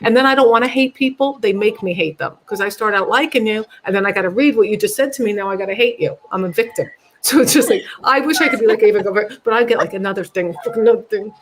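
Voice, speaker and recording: A woman comedian on a virtual panel over a video call, telling stories in an animated, sarcastic way. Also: mid-range voice, fast, slight background noise.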